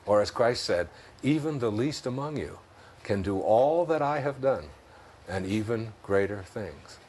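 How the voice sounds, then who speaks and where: A man's voice: fairly low pitch, expressive, unhurried, a little mellow. A man with a Detroit accent talking as an interview guest, reflective and storytelling, laughing often as he talks. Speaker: interview guest, self-help author. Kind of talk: conversational talk.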